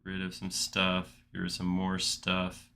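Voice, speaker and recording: A man with a low, very bright and forceful voice hosts a live modeling tutorial. He chats casually and thinks out loud, restarting his sentences as he clicks through the work. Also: monotone, measured pace, gravelly, smooth. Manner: chatty, thinks aloud with restarts while clicking. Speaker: livestream host modeling in software.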